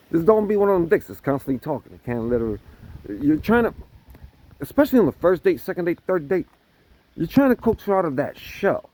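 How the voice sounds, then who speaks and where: A man's voice: fairly high pitch, normal speed, long pauses. A man ranting casually to camera, swearing constantly and laughing between lines. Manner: profane, laughing often, animated. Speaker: vlogger.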